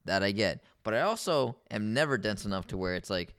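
Sarcastic man with a lively voice. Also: lowish voice, fairly quick, clean tone. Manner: wry, sarcastic, joking. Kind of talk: casual chat.

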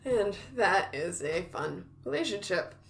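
A woman's voice: mid-range voice, very animated, a little slow, gravelly, a bit bright. A woman in casual chat, laughing often and restarting her sentences as she talks. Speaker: podcast co-host.

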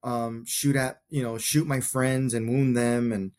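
Guest: man in his forties, earnest veteran, mid-pitched, reflective storytelling. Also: level tone, measured pace, a little mellow. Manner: earnest, reflective, talks in short plain clauses. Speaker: podcast guest, combat veteran. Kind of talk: personal storytelling in a conversation.

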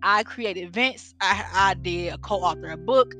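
A woman's voice: lowish voice, a little slow, pushed and bright. A young woman giving an earnest, faith-based motivational talk, with rhetorical questions and a preacher-like way of speaking. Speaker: inspirational speaker. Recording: guitar music bed under voice. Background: guitar music.

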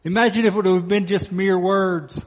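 A male pastor preaching a sermon, emphatic, slowing down and repeating key phrases for stress. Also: high-pitched, fairly even intonation. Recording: muffled sound with long reverb in a hall.

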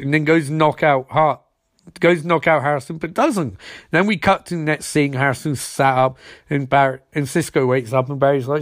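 A young man giving a sarcastic, rambling recap of a TV episode, mocking the characters by acting out their lines in quick put-on voices. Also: medium pitch, no room sound, studio quality. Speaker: TV episode reviewer.

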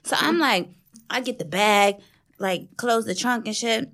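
A woman's voice: a little high, a little slow, a bit bright. A woman from New York telling a brash, profane story in casual chat as a podcast co-host.

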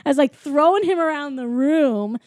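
A woman's voice: high-pitched, animated, normal speed, darkish tone, no room sound, clean studio sound. A woman casually retelling a film's plot as a podcast co-host, chatty and full of fillers. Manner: chatty, lots of filler and quoted voices.

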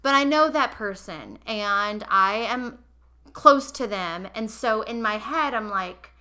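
A young woman hosting a podcast, telling a personal story in an animated, emotional way and speaking straight to her listeners. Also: mid-range voice, takes it slowly. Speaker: podcast host. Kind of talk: casual confessional storytelling.

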